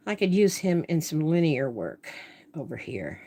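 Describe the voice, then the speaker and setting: Woman artist, casual live-stream chat, thinks aloud and murmurs, lively swooping delivery. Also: sits low, moderate pace, slightly rough. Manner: thinks aloud while painting, trailing off into murmurs.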